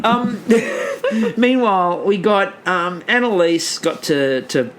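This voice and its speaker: A woman's voice: medium pitch, slow, slight background noise. A woman co-hosting a podcast, chatting and joking in a casual way with lots of ums and restarts. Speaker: podcast co-host. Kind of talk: casual chat recapping a baking show.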